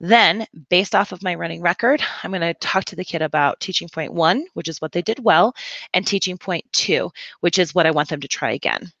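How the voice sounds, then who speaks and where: A woman reading teacher explaining a lesson plan step by step in a relaxed, conversational way. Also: fairly low pitch, brisk, dry recording, lo-fi sound. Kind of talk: instructional walkthrough.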